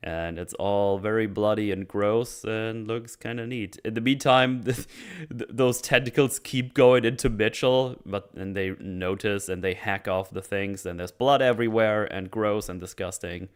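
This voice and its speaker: A man's voice: lowish voice, steady tone, normal speed, few pauses, smooth. A man hosting a podcast, casually recapping a horror film with loose, laughing, sweary storytelling. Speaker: podcast host.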